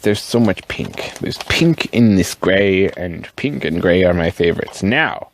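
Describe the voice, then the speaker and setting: Drunk guy rambling thru a show and tell vlog, slow n swearing, bit of hiss. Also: sits low, expressive. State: tipsy. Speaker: fountain pen vlogger.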